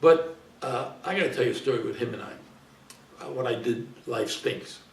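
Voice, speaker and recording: Here the older guest actor speaks at a moderate pace in a creaky, mid-range voice, rambling through anecdotes in a casual interview while repeating and cutting himself off. The mic sits at a distance, leaving a roomy, off-mic sound and faint hiss.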